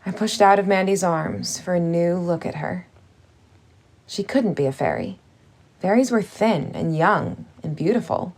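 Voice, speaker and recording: A woman's voice: mid-range voice, a little mellow. Woman reading a storybook aloud. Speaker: audiobook reader. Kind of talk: first-person storybook narration.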